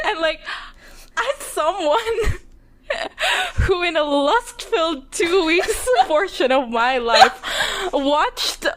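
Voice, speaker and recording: A woman's voice: very high-pitched, very animated, drawn-out words, a bit bright. A woman co-hosting a podcast, chatting casually about a TV episode, giggling and rambling as she quotes characters. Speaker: podcast co-host. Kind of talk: casual chat recapping a TV episode.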